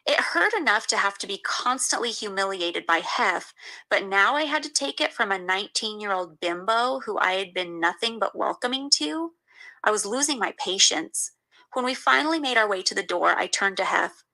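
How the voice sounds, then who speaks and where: A woman's voice: mid-range voice, moderate pace, creaky, bright, forceful tone, poor audio. A woman reading a first-person memoir aloud in an indignant storytelling manner. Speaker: memoir reader.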